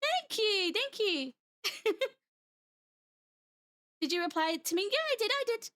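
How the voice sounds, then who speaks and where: Young woman from Britain, high bright voice, blended British-American-Australian accent, bubbly and giggly, casual stream chat. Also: animated, a little slow. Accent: mixed British, American and Australian. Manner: giggly and bubbly, laughs often. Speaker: livestreamer.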